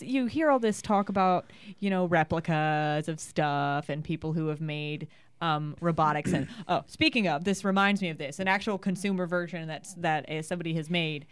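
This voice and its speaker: A young woman co-hosting a casual radio show, chatting excitedly through tech news with lots of restarts. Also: on the low side, moderate pace, clean tone, no echo. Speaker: podcast co-host reading tech news.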